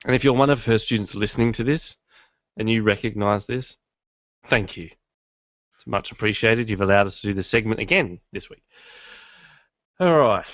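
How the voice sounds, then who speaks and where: A man's voice: lowish voice, moderate pace, long pauses, fairly bright tone, no room sound. A man hosting a podcast from his garage, chatting casually in a rambling, self-deprecating way. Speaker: podcast host. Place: home studio in his garage. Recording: dull lo-fi dry sound.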